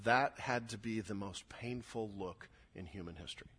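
A man's voice: on the low side, moderate pace, a bit bright, husky. A man preaching a sermon, acting out quoted lines with rising intensity. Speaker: pastor.

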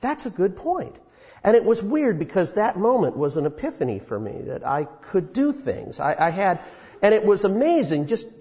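A man's voice: high-pitched, darkish tone. A man in his fifties preaching a sermon, telling a story in a folksy way with many fillers. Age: 50s. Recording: dull sound in an echoey hall.

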